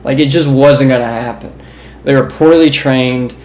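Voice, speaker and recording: A man's voice: mid-range voice, fairly even intonation, moderate pace, a little mellow, slight background noise. Young man telling rambling, amused stories. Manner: rambling, amused storyteller who laughs as he talks. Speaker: podcast co-host. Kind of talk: casual chat. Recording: roomy echo.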